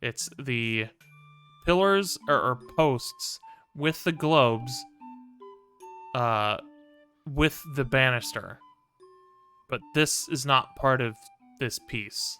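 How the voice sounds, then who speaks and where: A man's voice: mid-range voice, sharp tone, clean tone. A man streaming a video game, rambling casually, swearing freely and cooing to his cat between remarks. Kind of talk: casual gameplay commentary.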